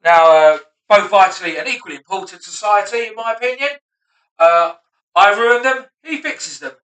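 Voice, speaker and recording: A man in his thirties rehearses stand-up alone at home, swearing freely and mocking himself between jokes. His voice sits high and sounds bright and edgy. The camera picks him up from across a room that rings a little. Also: normal speed. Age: 30s. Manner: self-mocking, sweary, muttering asides between punchlines. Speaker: stand-up comedian. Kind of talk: rehearsing a stand-up set aloud. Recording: roomy and distant.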